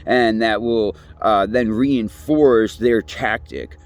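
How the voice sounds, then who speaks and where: A man's voice: lowish voice, slow pace, soft background music. A man in his late thirties giving a profane, rambling, heated monologue outdoors. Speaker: vlogger. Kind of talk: ranting monologue. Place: outdoors near woods.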